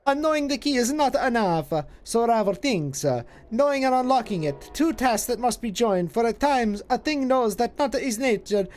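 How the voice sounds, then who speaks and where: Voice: medium pitch, lively intonation, a little mellow, pitched above the performer's own voice, lightly acted. A streamer voicing an ancient female hag, cryptic and possessive, with archaic twisted phrasing and a drifting put-on foreign lilt. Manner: archaic twisted word order, hissing and drawn-out.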